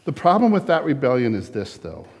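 A middle-aged man, a pastor, preaching a sermon in a relaxed conversational way, with small laughs and acted asides. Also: medium pitch, brisk, slightly rough, long reverb tail. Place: church.

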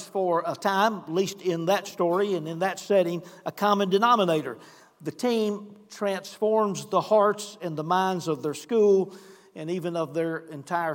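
A man preaching a sermon as pastor, giving church announcements and reading scripture with earnest emphasis. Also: high-pitched. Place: church sanctuary. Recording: long hall reverb.

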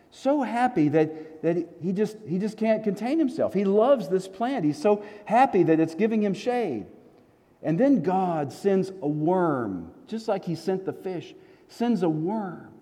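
A pastor preaching a sermon, telling a story with animated, emphatic repetitions. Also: male voice, fairly high pitch. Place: church sanctuary in a desert city. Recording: long reverb of a large hall.

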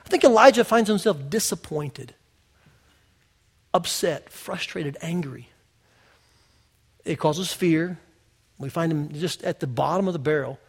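Male pastor, conversational sermon style, slightly high-pitched, shifts between loud and hushed. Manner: conversational preaching with big swings from loud to hushed; personal storytelling, addressing the congregation directly.

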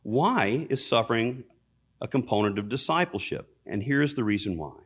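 An expressive priest with a breathy edge delivers his sermon at normal speed, emphatic throughout. He climbs loud on key points, falls low and quiet at other moments, and pokes fun at himself in asides.

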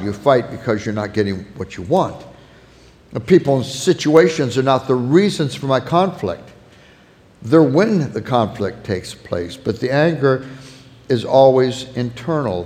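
A man's voice: medium pitch, lively intonation, measured pace, a little mellow, in a large hall. A man preaching a sermon earnestly, illustrating his points with acted-out everyday anecdotes. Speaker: pastor.

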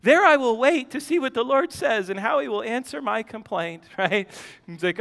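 A man preaching a sermon, reading scripture aloud with animated, joking asides. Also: high-pitched, moderate pace, creaky. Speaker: pastor. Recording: long hall reverb.

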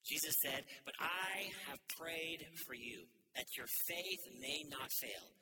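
Male pastor, high-pitched, earnest sermon delivery building to emphatic peaks, heavy background noise. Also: takes it slowly. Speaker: lead pastor.

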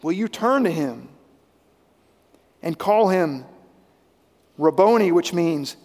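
A man preaching a sermon as pastor, swinging between loud emphatic lines and hushed, intense ones. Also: high voice, lively intonation, takes it slowly, long reverb tail.

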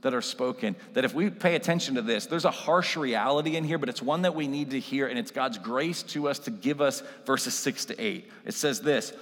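A male pastor delivering a sermon in an easy, conversational way, mid-pitched and often checking in with his listeners. His voice carries the long reverb of a church sanctuary. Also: fairly quick, hardly any pauses, fairly bright tone. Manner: conversational preaching with frequent tag questions.

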